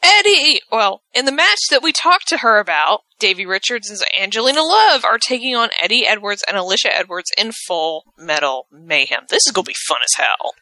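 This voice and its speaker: A woman co-hosting a wrestling podcast, chatty and animated, with playful asides. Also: medium pitch, brisk, hardly any pauses, dry recording, low-quality recording. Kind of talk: casual chat.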